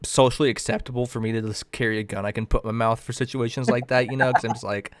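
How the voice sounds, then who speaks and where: A man's voice: mid-range voice, flat delivery, fast talker, no echo, clean studio sound. A man in his twenties co-hosting a podcast, telling rambling, self-mocking stories full of swearing. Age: 20s. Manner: rambling, swears a lot, laughs at himself. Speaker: podcast co-host. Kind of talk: casual podcast chat.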